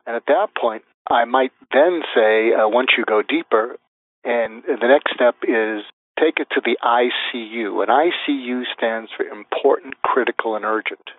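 Speaking at a measured pace in a mid-range voice, a man explains a method step by step as an interview guest, listing each numbered point and acting out the phrases he'd use. The audio is narrow and phone-like, totally dry with no reverb.

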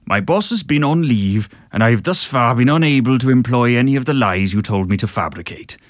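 A man putting on a Welsh accent as an impression of a singer, reading a letter in a slow, stately, overly polite way. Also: mid-range voice, lively intonation, dry recording, clean studio sound, close to an everyday voice. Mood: formal, pompous. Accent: Welsh, put on.

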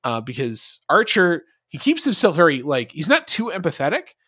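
A man's voice: fairly high pitch, wildly swooping pitch, normal speed, sharp tone, no room sound, clean studio sound. Rambling man reviewing an episode. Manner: rambling, many fillers and restarts. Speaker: podcast co-host. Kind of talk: casual review chat.

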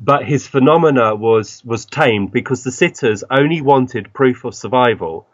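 A man on a muffled, dry lo-fi recording tells his experiences at a mid pitch. He is animated and often acts out the voices of the people he describes. His delivery is chatty and full of small restarts. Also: normal speed, dry recording. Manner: animated anecdotes, acting out quoted voices. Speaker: guest medium. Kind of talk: interview storytelling.

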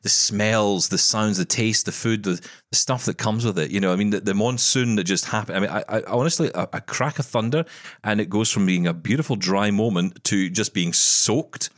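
A man's voice: lowish voice, moderate pace, no echo, studio quality. A man co-hosting a podcast, chatting casually and telling stories with jokey asides. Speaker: podcast co-host. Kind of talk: casual chat.

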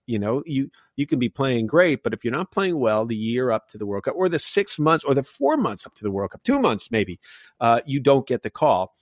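A man's voice: mid-range voice, big pitch swings, moderate pace, dry recording, studio quality. A middle-aged man hosting a casual sports talk show, telling rambling stories full of fillers. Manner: rambling storyteller, many fillers. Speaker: podcast host. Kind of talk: casual chat.

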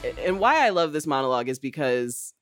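A man hosting a podcast, chatting in an enthusiastic, animated way. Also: fairly high pitch, fairly quick, dry recording, studio quality, soft background music. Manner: enthusiastic, animated, laughs easily. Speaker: podcast host. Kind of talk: casual chat.

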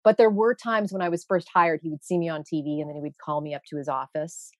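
A woman's voice: sits low, fast talker, no echo, studio quality. A woman guest, originally from Canada, telling a story in a casual interview and acting out the people she quotes. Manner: animated, acts out quoted voices, many fillers.

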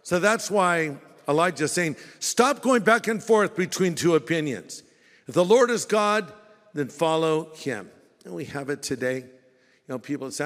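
A man preaching a sermon as pastor, animated and playfully mocking, acting out the voices he quotes. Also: a little high, normal speed. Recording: long hall reverb.

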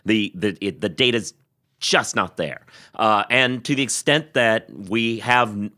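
Low-voiced male podcast host. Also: measured pace, sharp tone, no echo, clean studio sound. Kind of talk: casual podcast debate.

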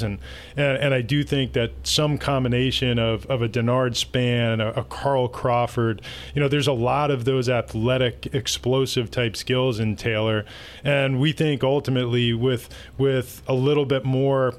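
Male sports executive guest, mid-range voice, easygoing anecdotal delivery. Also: medium pitch. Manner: relaxed, anecdotal storyteller. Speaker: baseball team executive, guest. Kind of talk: casual interview answers.

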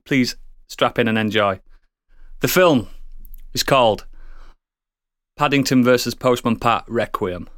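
Animated man pitching a story. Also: unhurried. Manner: animated, swearing, laughing. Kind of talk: comedic storytelling chat.

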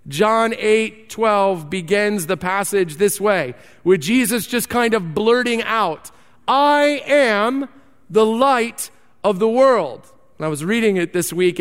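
A man preaching a sermon, reading scripture and then telling animated stories with emphatic repetition. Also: sits high, clear, resonant tone, big-room sound. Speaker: pastor.

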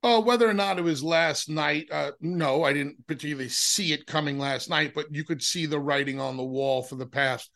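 A man's voice: fairly high pitch, moderate pace, creaky, few pauses, fairly bright tone. A man co-hosting a wrestling podcast, teasing and wisecracking in casual chat. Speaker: podcast co-host.

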